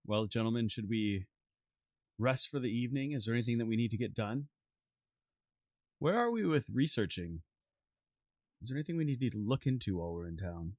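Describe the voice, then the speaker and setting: A man's voice: medium pitch, lively intonation, a little fast, long pauses, darkish tone, no echo, studio quality. A man playing a tabletop game, asking easygoing questions in and out of character. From Canada. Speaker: player.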